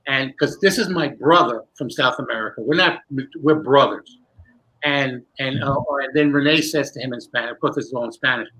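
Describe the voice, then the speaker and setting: A man telling a long anecdote in a casual interview, lively and acting out the people in his story. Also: mid-range voice, fairly quick, poor audio. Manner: animated, acts out dialogue. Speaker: guest magician.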